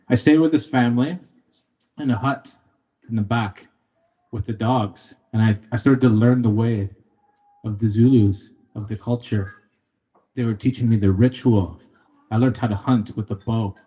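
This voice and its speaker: A man's voice: on the low side, warm tone. A young man, a son from Canada, giving a eulogy at a memorial gathering, telling stories about his father in a playful, joking and emotional way. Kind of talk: memorial speech with storytelling.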